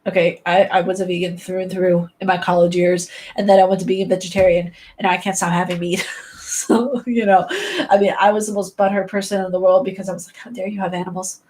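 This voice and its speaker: A woman's voice: lowish voice, little pitch movement, fairly quick, darkish tone. A woman chatting casually with her live-stream viewers, sarcastic and rambling, often breaking into giggles.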